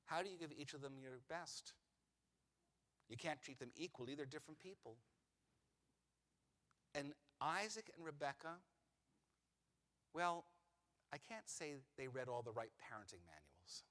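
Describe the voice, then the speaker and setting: In a big synagogue sanctuary with long reverb, a man preaches as rabbi in a mid-range, fairly bright voice. His telling of the story is funny and chatty, and he keeps asking the congregation questions.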